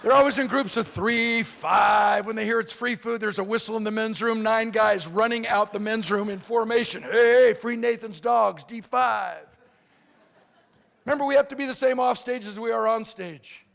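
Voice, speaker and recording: A middle-aged motivational speaker addresses a convention hall from the stage, his voice high for a man and gravelly at the edges. He drives his keynote with comic storytelling, animatedly acting out other people in quick quoted voices.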